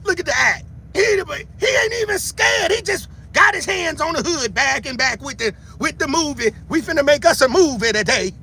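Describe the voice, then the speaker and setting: A man hosting a livestream, reacting to video footage in loud, profane, excitable commentary and often laughing. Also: very high voice, fairly quick, a little hiss or hum. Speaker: livestream host.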